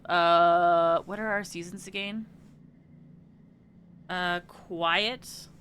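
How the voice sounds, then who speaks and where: A woman's voice: fairly low pitch, steady tone, extremely slow, a bit bright, smooth. A woman streamer chatting casually while playing a video game, thinking aloud and trailing off into murmurs. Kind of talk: casual let's-play commentary.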